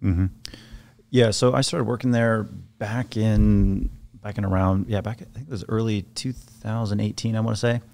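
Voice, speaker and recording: A man, a former soldier, telling stories as a podcast guest in a casual, animated way with many restarts. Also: lowish voice, normal speed, vocal fry. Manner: animated storyteller, acts out quoted voices, many restarts. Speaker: podcast guest, former Navy SEAL sniper. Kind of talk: casual storytelling interview.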